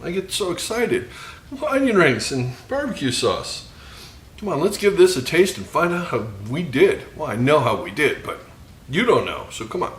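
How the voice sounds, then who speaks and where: A man's voice: on the high side, very animated, reverberant, slight background noise. A man hosting his own cooking video, chatting casually with self-mocking jokes as he fries food. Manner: joking, self-mocking asides with quick laughs. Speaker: cooking channel host. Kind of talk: casual cooking tutorial chat.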